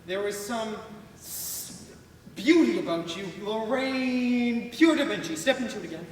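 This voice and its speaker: A man's voice: sits high, expressive, a little slow. A young man playing a pompous, witty celebrity critic in a school stage play, with grand theatrical delivery. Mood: flattering. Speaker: student stage actor. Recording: very echoey hall from far off, noisy.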